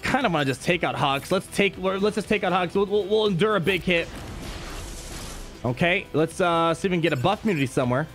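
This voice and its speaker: A young man giving live gameplay commentary as a streamer, talking to his chat and shifting quickly between calm and excited. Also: sits high, faint music behind. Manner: excitable, talks to chat, quick mood swings.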